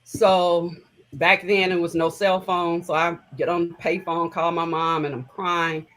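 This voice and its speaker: A middle-aged woman, a guest in an interview, recounting personal memories in a reflective, heartfelt way with halting phrases. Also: fairly low pitch, flat delivery, fairly bright tone, low-quality recording.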